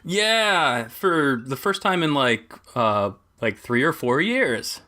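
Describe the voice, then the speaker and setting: Man, co-host, casual chat, rambling, laughs often, bright voice. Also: on the high side, sing-song, takes it slowly. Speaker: podcast co-host.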